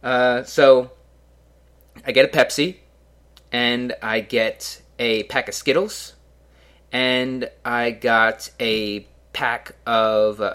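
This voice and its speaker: A man's voice: fairly low pitch, bright, forceful tone. A young man hosting a casual solo podcast, rambling through a story with self-mocking, sarcastic asides. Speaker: podcast host.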